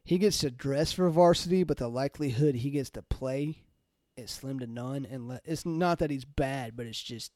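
A young man talks loosely in a casual chat, piling on fillers and swearing. His voice has a mellow, relaxed tone, and the sound is dry and close. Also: mid-range voice, moderate pace, hardly any pauses, no room sound. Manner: rambling, heavy with fillers and swearing.

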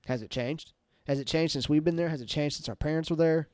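This podcast co-host is a Southern country man, animated and profane, chatting casually. His voice runs on the high side and moves quickly, captured in a dry, studio-quality recording.

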